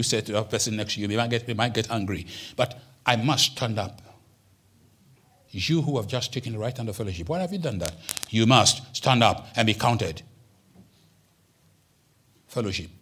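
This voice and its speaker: A man from Ghana preaching a sermon as pastor, dropping into quiet asides and then climbing to high, emphatic peaks. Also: slightly rough. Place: church.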